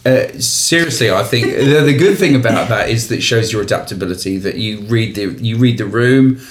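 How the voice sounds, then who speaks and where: A man's voice: medium pitch, fairly quick. A man interviewing a band, asking questions with chuckles. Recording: roomy with faint noise.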